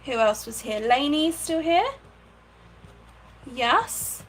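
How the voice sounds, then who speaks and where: A woman's voice: high voice, takes it slowly, a bit bright, slight background noise, rough recording. A woman hosting a casual craft livestream from her home craft room, chatting, thinking aloud and thanking viewers by name. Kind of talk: casual live-stream chat while crafting.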